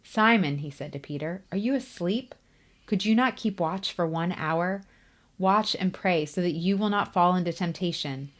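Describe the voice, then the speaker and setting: A woman reading scripture aloud in a steady, deliberate way during a Bible lesson. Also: lowish voice. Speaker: scripture reader.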